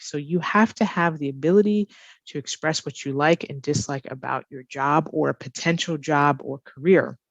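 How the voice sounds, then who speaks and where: A woman ESL teacher explaining grammar and pronunciation, slowly repeating key phrases for learners. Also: deep voice, no echo, dull audio. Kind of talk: slow, careful teaching explanation.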